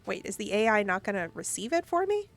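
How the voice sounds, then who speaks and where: A woman's voice: medium pitch, sing-song, quick pace. A woman with a Midwestern American accent touched with Southern, chatting casually on a live stream, reading viewer comments and giggling often. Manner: chatty, giggly, thinking aloud.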